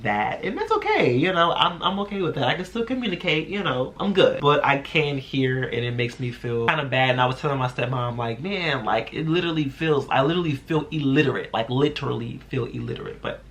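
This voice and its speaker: A young man from Texas, talking fast in a casual vlog and switching freely between languages. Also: mid-range voice, animated, fairly bright tone. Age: young adult. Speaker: vlogger.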